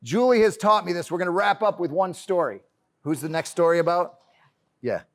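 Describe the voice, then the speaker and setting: A man with a high, bright-sounding speaking voice delivers a lively motivational keynote from a conference stage. He jokes with the crowd and keeps calling them friends. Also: brisk. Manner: energetic and joking, addresses the crowd as friends. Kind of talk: motivational talk to a live audience.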